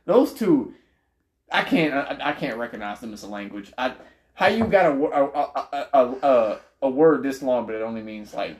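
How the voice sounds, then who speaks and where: A man's voice: mid-range voice, lively intonation, moderate pace. Joking, swearing podcast guy. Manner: joking, loose and profane. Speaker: podcast co-host. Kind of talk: casual chat.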